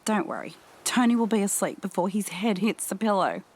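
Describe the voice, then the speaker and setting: A man doing a cheeky woman, high and breathy. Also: a little fast. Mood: teasing. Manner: cheeky, playful. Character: Australian woman, friendly and teasing.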